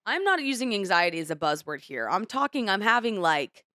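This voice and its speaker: A woman's voice: mid-range voice, very animated, brisk, pushed and bright, no room sound, studio quality. A young adult woman co-hosting a podcast in casual chat, candid and rambling as she opens up. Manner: candid, rambling, emotional retelling. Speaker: podcast co-host.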